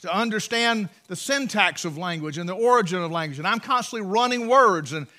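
Appalachian male pastor, high bright voice, folksy, rising to loud emphatic peaks. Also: lively intonation, a little fast. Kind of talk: sermon. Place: church sanctuary.

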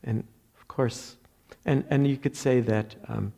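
Slow, gravelly-voiced man with a New Jersey accent. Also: mid-range voice, steady tone, mellow. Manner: halting, reflective, many fillers and restarts. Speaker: Zen meditation teacher. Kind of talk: dharma talk.

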